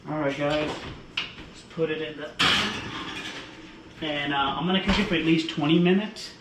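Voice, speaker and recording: A man's voice: a little high, steady tone, normal speed. Chatty man in an echoey kitchen. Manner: chatty, informal, explains step by step. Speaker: dog owner and trainer. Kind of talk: casual home cooking vlog. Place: home kitchen. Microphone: camera held by a helper. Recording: echoey room with background noise.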